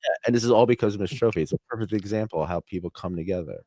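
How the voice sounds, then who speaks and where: A male podcast host with a very deep voice, chatting casually with his guests. He gushes with effusive thanks and enthusiasm. The sound is dry, like a video call. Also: rapid-fire, warm tone, no room sound. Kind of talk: casual interview chat.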